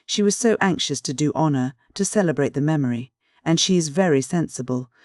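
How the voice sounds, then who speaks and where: A man voicing a timid, distressed young woman who speaks haltingly, in an audiobook. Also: a little high, a little mellow, no echo, studio quality, close to an everyday voice. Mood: tearful. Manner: halting and broken-off.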